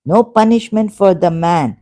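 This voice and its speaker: A woman hosting a religious discussion, arguing point by point and repeating her words, often halting with restarts. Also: lowish voice, warm tone. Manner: argumentative, repeats words, then apologetic and halting. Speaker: channel host debating a caller. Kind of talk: heated religious debate.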